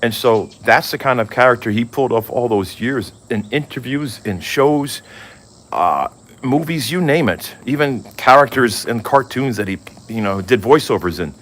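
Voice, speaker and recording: A man's voice: medium pitch, expressive, moderate pace, fairly bright tone. A middle-aged man vlogging in a casual, candid chat, rambling with lots of fillers. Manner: rambling, candid, full of "you know" fillers.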